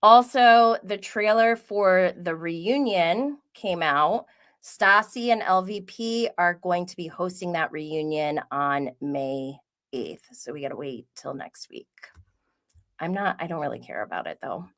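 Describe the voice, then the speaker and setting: A woman's voice: on the low side, a little slow, a bit bright. A woman hosting a casual solo recap, chatty and giggly, full of "like" and asides. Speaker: podcast host recapping reality TV.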